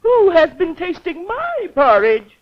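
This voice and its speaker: A woman's voice: very high voice, huge pitch swings, slow, heavily acted. A woman voicing a fussy mama bear in an old cartoon, wailing near tears. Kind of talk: 1930s cartoon voice acting. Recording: dull old cartoon soundtrack with faint hiss.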